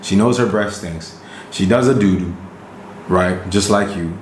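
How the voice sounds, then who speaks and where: A man co-hosting a podcast in casual chat, animated and emphatic, often checking in with "right?". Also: deep voice, measured pace, slight background noise. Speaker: podcast co-host. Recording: roomy recording.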